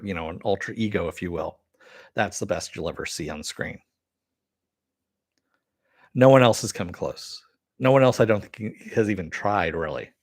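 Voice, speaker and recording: A middle-aged man hosting a live-stream review, chatting casually and answering viewer comments with many fillers and pauses. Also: fairly low pitch, dry recording, studio quality. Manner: rambling, with frequent fillers and throat clearing.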